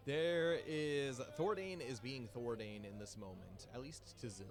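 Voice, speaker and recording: A man's voice: mid-range voice, a little slow. A man narrating as game master of a tabletop game, casual and laughing often.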